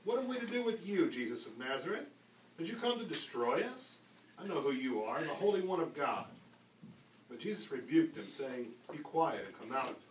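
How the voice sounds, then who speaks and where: A man reading a Bible passage aloud to a small group. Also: a little high. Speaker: scripture reader. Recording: echoey room, faint hum, from far off.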